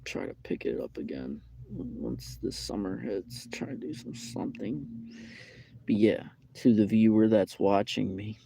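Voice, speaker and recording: A young man chats on a live stream, telling a long, looping story full of fillers and repeats. His voice sits low and has a gravelly edge, and the tone is dark and mellow. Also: a little hiss or hum. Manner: rambling, repetitive storytelling with many fillers. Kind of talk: casual live-stream chat. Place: McDonald's restaurant.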